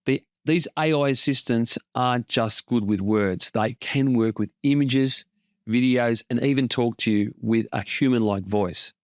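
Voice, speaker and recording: A man's voice: medium pitch, a little slow, dry recording, studio quality. A man hosting a casual tech explainer, plain-spoken and lightly joking as he walks through tools. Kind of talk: casual tutorial narration.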